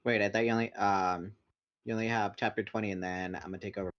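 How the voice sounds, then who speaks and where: A man co-hosting a podcast in casual chat, playful and rambling, running through tongue-twister warm-ups. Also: lowish voice, steady tone, fast, highs cut off. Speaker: podcast co-host.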